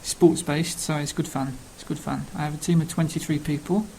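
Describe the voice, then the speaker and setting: A man's voice: a little high, steady tone, brisk, vocal fry, darkish tone, a little hiss or hum, poor audio. Chatty Cockney man with hesitant ums. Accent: Cockney London. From England. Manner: rambling, many ums and uhs. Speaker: language learning speaker. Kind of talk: casual self-introduction.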